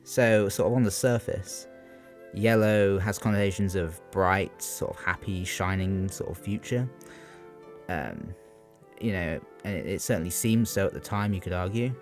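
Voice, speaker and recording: Young guy with a lowish voice doing revision notes out loud, lots of ums, keeps asking questions, soft music under it. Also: fairly even intonation, moderate pace. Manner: hesitant, many ums and rhetorical questions. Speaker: student giving exam revision. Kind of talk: unscripted revision talk.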